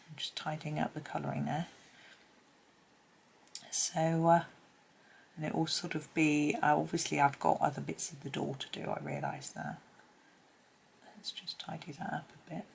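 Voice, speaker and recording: Low-pitched gravelly woman murmuring a tutorial. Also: expressive, normal speed, long pauses, slight background noise. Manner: chatty, thinks aloud, drops to a murmur now and then. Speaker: colouring tutor. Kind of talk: casual tutorial chat while colouring.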